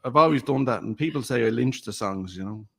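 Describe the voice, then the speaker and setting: A man's voice: mid-range voice, lively intonation, a little fast, vocal fry. Folksy Irish man storyteller. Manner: storytelling, folksy turns of phrase. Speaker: singer-songwriter guest. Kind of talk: casual chat.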